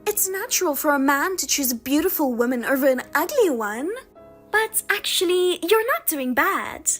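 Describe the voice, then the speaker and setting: A woman's voice: sits high, lively intonation, normal speed, fairly bright tone, soft background music. A woman voicing a scheming younger sister who mocks and taunts in a sing-song way. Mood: smug.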